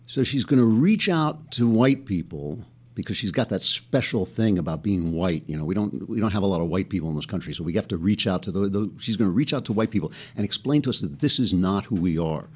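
A man's voice: sits low, expressive, fairly quick, darkish tone, breathy edge. A man hosting a political commentary podcast, talking in a sarcastic way with laughing asides. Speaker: podcast host.

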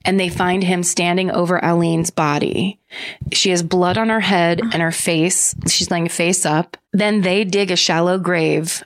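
A woman's voice: lowish voice, fairly even intonation, unhurried. A woman co-hosting a podcast, telling a true-crime story in a chatty, joking way with lots of fillers. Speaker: podcast co-host.

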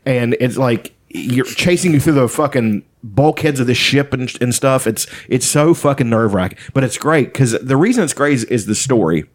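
A man's voice: mid-range voice, lively intonation, moderate pace, few pauses. Man in casual talk; loose, profane, rambling delivery full of "like" and "you know.". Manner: rambling, profane storytelling with many fillers. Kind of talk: casual chat.

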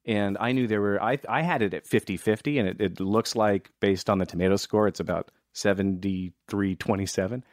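Low-voiced man musing on film. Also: fairly even intonation, fairly quick, hardly any pauses, no echo, clean studio sound. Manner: thoughtful, rambling with restarts. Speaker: film director. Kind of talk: casual conversation.

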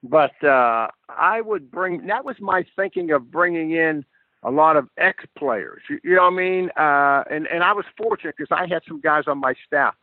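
An older man, a guest football coach, telling animated stories in a podcast chat and repeating words as he starts a thought. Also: on the high side, moderate pace, no echo. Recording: dry, tinny phone-like line.

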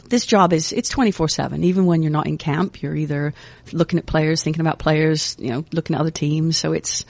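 A woman's voice: deep voice, creaky, no echo. A woman in her fifties, raised in England, with a faint hybrid British-American accent, chatting as an interview guest and often laughing and restarting her sentences. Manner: relaxed, laughing, trails off and restarts. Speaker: interview guest, national team coach. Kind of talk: casual interview chat.

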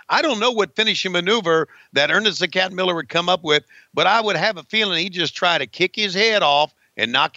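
A man commentating on wrestling in a casual podcast, excitable and profane. His voice is high and gravelly with a bright edge. It is recorded dry and sounds dull and lo-fi. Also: no room sound.

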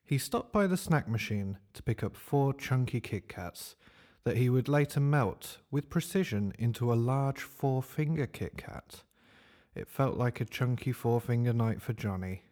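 Mellow, deadpan male narrator. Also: mid-range voice, a little slow. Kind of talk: comic story narration.

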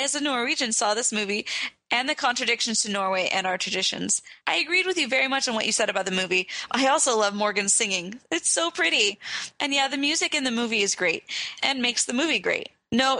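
A woman co-hosting a casual podcast, reading listener emails aloud in a lively, expressive way. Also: fairly high pitch, no echo.

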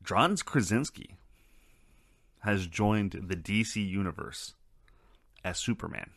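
A man's voice: fairly low pitch, expressive, slow, fairly bright tone, no echo, clean studio sound. A man hosting a casual solo podcast, talking in a loose, rambling and profane way. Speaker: podcast host.

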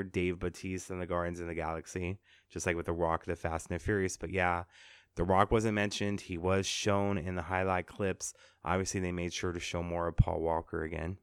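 A man's voice: low voice, smooth, no room sound, studio quality. A man hosting a podcast, chatting casually about entertainment news, with sarcastic asides. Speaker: podcast host. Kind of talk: casual pop-culture chat.

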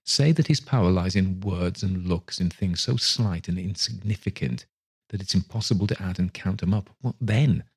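A man's voice: deep voice, moderate pace, a little mellow, breathy edge, pitched above the performer's own voice, full character voice. A man reading a story aloud, voicing a young miser who answers defensively and impatiently. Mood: earnest.

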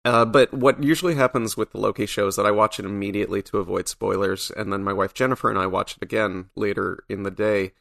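A man's voice: on the low side, fairly even intonation, fast, vocal fry, hardly any pauses, fairly bright tone. A man, a comic book writer, talking in a casual podcast conversation, thoughtful and wry, with frequent restarts.

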